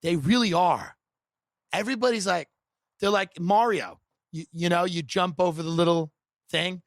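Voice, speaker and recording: A man hosting a podcast, riffing in a sarcastic, deadpan comedic monologue full of dark satire and sudden mimicked voices. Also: high voice, normal speed, no echo. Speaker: podcast host.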